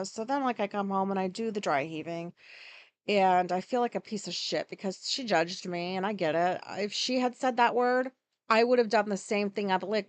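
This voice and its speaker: A woman's voice: medium pitch, moderate pace, no room sound. A woman podcast host telling a personal story in a candid, rambling monologue, swearing freely. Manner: frank and profane, rambling with many asides.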